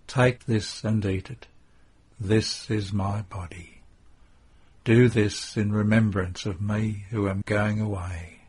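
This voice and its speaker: A man reading as a slow, grave Jesus. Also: on the low side, steady tone, darkish tone, slightly rough. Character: solemn, tender adult male Jesus bidding farewell. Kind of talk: devotional audiobook reading.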